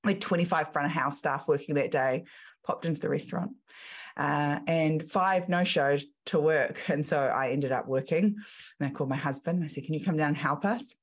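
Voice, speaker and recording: A woman in her thirties with a New Zealand accent, working as a business coach, tells lively stories in a podcast interview and acts out the voices of the people she quotes. Her voice is low and husky, at a moderate pace.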